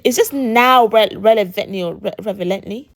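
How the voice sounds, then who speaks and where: A woman in her thirties, an American accent with a British lilt, explaining to camera with lively emphasis and frequent rhetorical asides. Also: mid-range voice, normal speed. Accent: American mixed with a British lilt. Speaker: vlogger.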